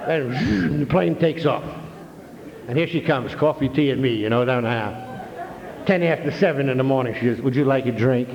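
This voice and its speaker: A man's voice: medium pitch, moderate pace, gravelly, crowd noise. An older man telling a humorous story to a convention audience, folksy and full of "you know", on a dull 1993 hall recording. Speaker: recovery meeting speaker.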